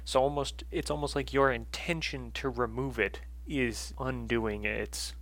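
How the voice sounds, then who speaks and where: A man's voice: mid-range voice, fairly even intonation, unhurried, fairly bright tone. A man narrating a tabletop game as game master, describing scenes in a rambling way with many fillers.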